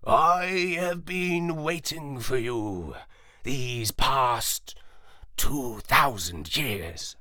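A storyteller voicing an ancient, wise male dog who speaks slowly and solemnly, in a storybook reading. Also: mid-range voice, animated, bright, forceful tone, no echo, studio quality, heavily acted. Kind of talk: storybook narration.

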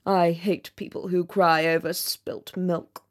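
Brief: woman voicing a self-important storybook rocket, pompous and tearful, theatrical and unhurried. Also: on the low side, flat delivery. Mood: haughty. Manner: melodramatic, wailing, self-important. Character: pompous self-pitying male firework rocket.

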